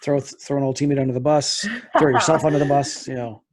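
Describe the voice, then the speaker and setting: Canadian guy hosting a pod, talks quick, flat and kinda dark voice. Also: mid-range voice. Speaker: podcast host. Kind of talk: interview questions.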